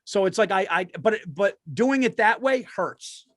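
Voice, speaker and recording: A man's voice: high voice, lively intonation, unhurried, fairly bright tone, no room sound, clean studio sound. A man co-hosting a comedy podcast in casual chat, rambling and self-deprecating with many restarts. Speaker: podcast co-host.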